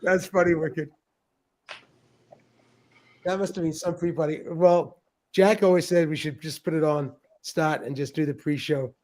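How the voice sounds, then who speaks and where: A middle-aged man hosts a relaxed livestream, greeting viewers by name and reading their comments. His voice sits a little high for a man. He chuckles a lot and stumbles over words as he goes. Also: unhurried, long pauses. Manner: chatty, laughs often, stumbles and repeats words. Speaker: livestream host.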